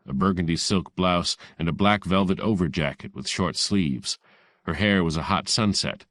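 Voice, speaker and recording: Male audiobook reader, very low voice, dry close recording, hardboiled first-person narration. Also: dry recording.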